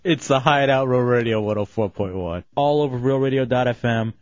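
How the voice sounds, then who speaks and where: A man's voice: mid-range voice, brisk, dull audio, heavy background noise. A man hosting a radio show in casual talk, plain-spoken as he reads station IDs. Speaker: radio host.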